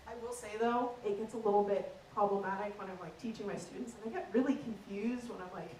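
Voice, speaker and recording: A woman performing stand-up comedy on a theater stage, chatty and teasing with quick asides. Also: medium pitch, a little mellow, distant mic, a little hiss or hum. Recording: roomy stage sound from afar.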